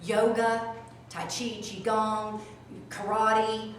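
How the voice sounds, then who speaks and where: A woman teaching a small group, swinging from soft asides to loud outbursts. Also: fairly high pitch, little pitch movement, extremely slow. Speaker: spiritual teacher. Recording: echoey room from a distance, faint noise.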